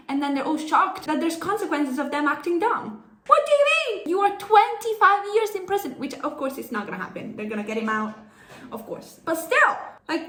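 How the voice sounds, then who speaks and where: A young woman from Italy talks straight to camera in a casual reading vlog. Her voice sits a little high, and she reacts in animated, swearing rants. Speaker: book vlogger.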